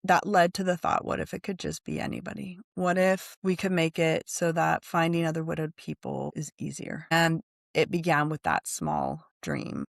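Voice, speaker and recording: A woman's voice: deep voice, lively intonation, normal speed, vocal fry, dry recording, clean studio sound. A woman, guest on a podcast, speaking in an earnest, reflective way about how her nonprofit began. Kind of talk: casual interview talk.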